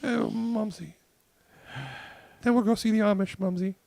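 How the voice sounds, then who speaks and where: A shrill, mock-genteel old mother, as a man puts her on in falsetto, gushes in sing-song exclamations. The sound is dry and close. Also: steady tone, measured pace, creaky, darkish tone, dry recording. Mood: snooty, gushing. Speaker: comedy bit character.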